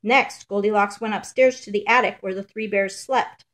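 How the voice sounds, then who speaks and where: A woman reading a children's fairy tale aloud in a measured, rhythmic storybook manner. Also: mid-range voice, steady tone, fairly bright tone.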